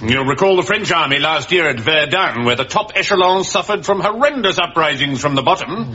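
Here is a blustering general. His voice is strikingly sharp and forceful and bounces widely. The sound is dull, old TV audio. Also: a little high, lively intonation, a little fast. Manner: blustering and pompous. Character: blustering, pompous older male general. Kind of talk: sitcom acting before an audience.

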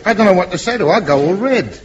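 Gushing lovestruck bloke, a bit high, muffled old radio sound with an audience. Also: male voice, animated, very fast, a crowd in the background, noisy background. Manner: mock-lyrical, sentimental gushing. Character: lovesick bashful man, cheeky and sentimental. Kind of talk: 1950s radio comedy acting.

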